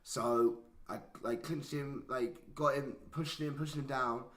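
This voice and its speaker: This young podcast co-host speaks in a medium pitch with fairly even intonation, unhurried and a bit bright. He casually tells a profane story peppered with "like," recorded in an echoey room.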